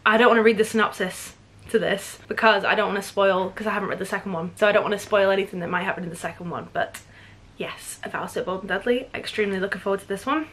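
A woman's voice: medium pitch, quick pace, a bit bright. A woman in her twenties chatting enthusiastically about books she bought, gushing and chatty. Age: 20s. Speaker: book vlogger. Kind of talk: casual book haul vlog.

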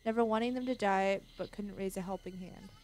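A woman's voice: medium pitch, brisk, darkish tone, close to an everyday voice. A woman reading as a sorrowful haunted doll. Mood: remorseful. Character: haunted antique doll, remorseful childlike voice.

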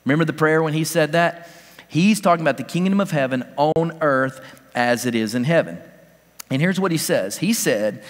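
A man's voice: a little high, lively intonation, normal speed. A male pastor preaching a casual, conversational sermon, his voice jumping upward in emphatic bursts. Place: church sanctuary. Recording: church hall reverb.

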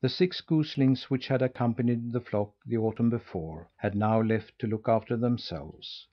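A man narrating a classic children's novel in a measured, steady reading. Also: medium pitch, highs cut off. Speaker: audiobook narrator. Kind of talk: scripted storybook narration.

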